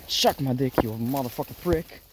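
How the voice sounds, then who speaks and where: A man's voice: mid-range voice, moderate pace. A man vlogging outdoors, swearing constantly and grunting as he forces his way through bushes. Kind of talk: rambling outdoor vlog. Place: outdoors in dense bushes and trees. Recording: noisy outdoor recording with rustling foliage. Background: rustling branches and a dog barking.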